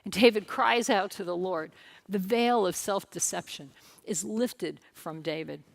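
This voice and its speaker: A woman's voice: mid-range voice, a little slow, vocal fry. A woman pastor preaching a sermon at a church service, telling a story with emphatic repetition and speaking directly to the congregation with light humor.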